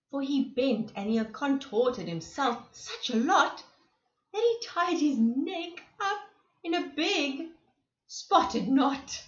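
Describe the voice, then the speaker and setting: A woman preschool presenter reading a rhyming picture book to young children, animated and often asking them questions. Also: high-pitched. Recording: echoey room, slightly dull sound.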